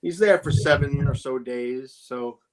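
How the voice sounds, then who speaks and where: A man's voice: mid-range voice, measured pace. A man who co-hosts a casual cigar podcast, a former tobacconist who gives short, laid-back answers.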